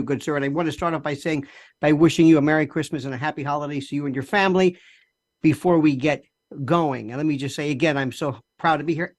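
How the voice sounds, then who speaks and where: A man from the United States, a guest commentator on a talk show, effusive and wordy, stacking synonyms. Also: on the high side.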